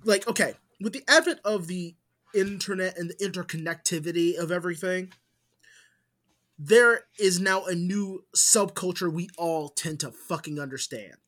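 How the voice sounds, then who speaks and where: A man's voice: sits high, normal speed, fairly bright tone. A man talking on a casual podcast, giving emphatic, swearing opinions. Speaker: podcast co-host. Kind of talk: casual chat.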